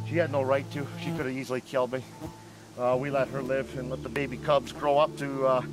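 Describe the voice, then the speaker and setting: Animated high-voiced man from northern Canada. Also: poor audio. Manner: animated, re-enacts his own shouts. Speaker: storyteller giving a tour. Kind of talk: casual spoken storytelling. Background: music playing under the voice.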